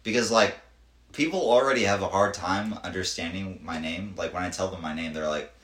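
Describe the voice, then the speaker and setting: A man with a lowish voice, rambling through a casual podcast chat with lots of bro and dude. His voice sounds echoey, like a bare room. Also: fairly quick, a bit bright. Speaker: podcast co-host.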